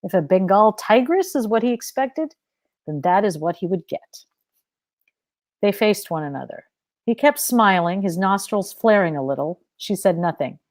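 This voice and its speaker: A woman's voice: medium pitch, animated, moderate pace, a little mellow, no echo. Woman reading her fiction aloud, dry sound.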